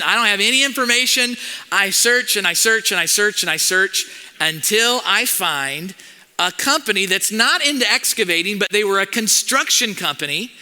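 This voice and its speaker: Bright-voiced pastor in a reverberant hall. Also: male voice, high-pitched. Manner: animated, acts out conversations in his story. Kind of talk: storytelling sermon. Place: church auditorium.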